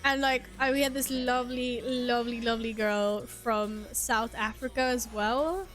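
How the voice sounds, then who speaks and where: A young woman with a slightly high voice chats breezily with her viewers while she plays a game. She teases herself, laughs easily and swears in passing. Soft game music hums quietly underneath. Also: fairly even intonation, normal speed. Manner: chatty, playful and self-mocking, laughs and swears casually. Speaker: streamer. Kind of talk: casual live-stream chat while gaming.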